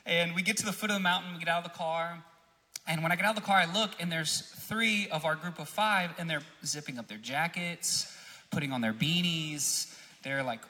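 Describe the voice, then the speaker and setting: High bright-voiced young male preacher. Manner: animated, builds to shouting emphasis. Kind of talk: sermon with storytelling. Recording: echoey hall reverb.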